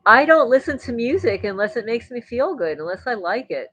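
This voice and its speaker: A woman's voice: on the high side, very animated, brisk, a bit bright, breathy edge, no room sound, rough recording. A woman hosting a livestream, chatting in a rambling way and answering viewer comments. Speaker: livestream host. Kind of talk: casual livestream chat.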